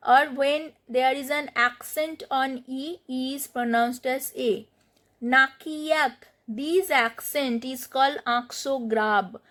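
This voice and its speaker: A woman's voice: sits high, fairly bright tone. A woman teaching a French pronunciation lesson, spelling out letters and repeating each word for beginners. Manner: slow, spelling out letters and repeating words for learners.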